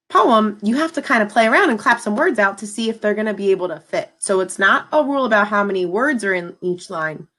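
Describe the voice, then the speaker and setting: A woman's voice: medium pitch, a bit bright. A woman teacher talking students through a lesson in an upbeat, encouraging way. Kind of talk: recorded classroom lesson.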